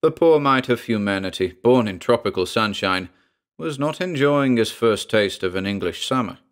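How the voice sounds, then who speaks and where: A man narrating a horror story in a measured, dramatic storytelling voice. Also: fairly low pitch, animated.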